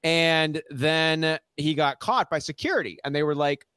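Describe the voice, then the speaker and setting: A man tells a story in casual podcast chat, his voice a touch higher than most. He acts out every quote and often laughs. The sound is close and dry. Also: unhurried, bright, forceful tone, smooth, dry recording. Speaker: podcast co-host.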